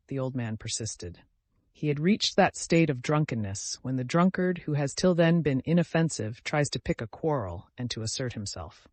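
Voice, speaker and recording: A man narrating a classic novel as an audiobook with measured, expressive reading. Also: mid-range voice, no room sound.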